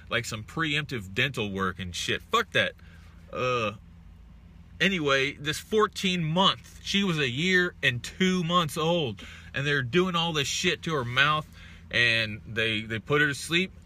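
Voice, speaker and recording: A man's voice: medium pitch, pushed and bright, slight background noise. A young man from Texas hosting a casual live stream, greeting viewers and ranting with heavy profanity.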